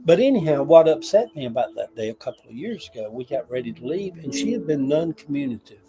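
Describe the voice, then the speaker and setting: A man's voice: a little high, very animated, fast, over music, rough recording. Tender man rambling on a livestream. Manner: rambling, emotional and tender, reading viewer comments aloud. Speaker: livestream host. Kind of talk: casual livestream talk.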